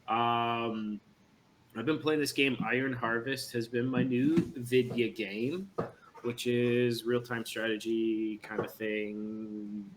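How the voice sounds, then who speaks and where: A man's voice: medium pitch, steady tone, slow. Laid-back male gamer, wry and casual, over a faint noise floor. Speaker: player. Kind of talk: casual chat.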